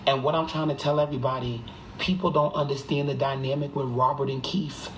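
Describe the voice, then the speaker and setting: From a room at home, a live streamer talks into a phone, rattling off gossip rapidly, emphatically and profanely, dropping to a hush at times. Their pitch is middling for them and their tone is level. The audio is poor, with a faint hiss behind the voice.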